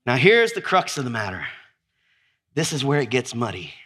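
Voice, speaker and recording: A man's voice: medium pitch, huge pitch swings, moderate pace, fairly bright tone, breathy edge. A man preaching to a live audience, with call-and-response and exuberant whoops as he acts out scenes.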